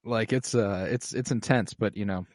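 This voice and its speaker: A podcast co-host chats casually and profanely while recapping a TV episode, loosely acting out the characters when he quotes them. His pitch is fairly low and his speed normal. The studio-quality recording has no room sound.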